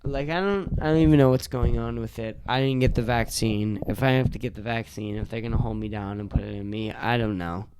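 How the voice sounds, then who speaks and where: A man's voice: mid-range voice, fairly quick, few pauses, a little mellow, a little hiss or hum. Young man ranting on a solo podcast. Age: young adult. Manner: profane, rambling, exasperated. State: tipsy; sore throat. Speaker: podcast host. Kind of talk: casual solo podcast rant.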